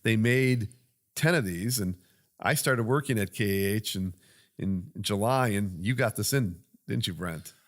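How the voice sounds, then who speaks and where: A man's voice: on the low side, expressive, a little slow. A man on a casual chat show as a guest, explaining things with hesitant fillers. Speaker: guest from a camera dealer.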